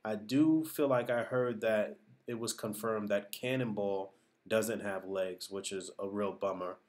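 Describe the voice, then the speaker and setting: A man's voice: on the low side, fairly even intonation, measured pace, darkish tone. A man giving casual, reflective vlog commentary on what he saw and heard. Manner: reflective, hedging, talks things through. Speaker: vlogger.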